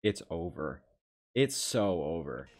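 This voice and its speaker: A man's voice: deep voice, sing-song, slow pace. A young man hosting a podcast, casually reacting to a clip with mocking jokes, laughs and lots of fillers. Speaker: podcast host.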